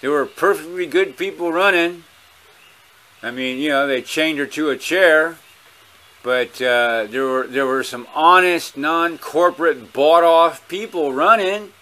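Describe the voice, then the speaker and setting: A man's voice: on the high side, measured pace, bright, forceful tone. A man with a Hawaiian accent talking casually to his viewers at home, rambling, blunt and profane. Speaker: vlogger.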